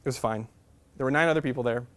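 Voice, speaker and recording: A man telling a funny personal story as a guest speaker, in an animated, chatty way with frequent laughs. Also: medium pitch, quick pace.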